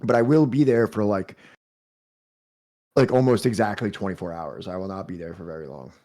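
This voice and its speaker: Low-voiced rambling man podcast host. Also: fairly quick, mellow. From New Jersey. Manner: rambling, joking, many fillers and restarts. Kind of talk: casual chat and book discussion.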